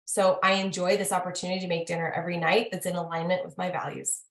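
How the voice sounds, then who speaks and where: A woman hosting a casual talk, chatting in an animated way and quizzing herself with repeated questions. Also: lowish voice, fast. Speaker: host. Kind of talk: casual chat. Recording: roomy echo.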